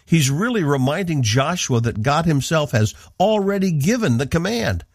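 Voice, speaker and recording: A man from the northeastern United States, hosting a radio program with earnest, measured devotional Bible teaching. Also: a little high, expressive, breathy edge, dry recording, studio quality.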